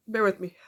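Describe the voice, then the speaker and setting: Woman, confessional vlogger; emotional, tight-throated, halting delivery with blunt swearing. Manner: halting, frequent ums and restarts, blunt swearing. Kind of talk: personal confessional vlog.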